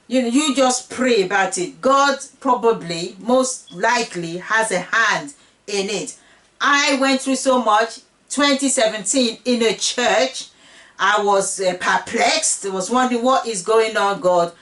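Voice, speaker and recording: A woman's voice: fairly high pitch, measured pace, a bit bright, recorded from a distance. Earnest woman teaching the Bible. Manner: earnest, personal, repeats phrases. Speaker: Bible teacher, channel host. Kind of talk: casual Bible teaching monologue.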